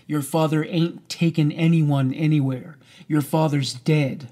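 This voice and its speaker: A man reading the lines of a coarse, threatening middle-aged stepfather in a slow, measured way. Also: on the high side, fairly even intonation, mellow. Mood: menacing. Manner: threatening and crude.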